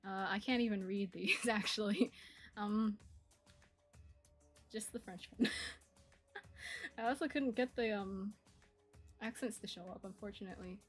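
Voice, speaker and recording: A woman's voice: mid-range voice, unhurried, long pauses, slightly rough, soft background music. A woman giving casual gameplay commentary on her own game mod, rambling and correcting herself with lots of fillers. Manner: chatty, rambling asides with fillers and self-corrections.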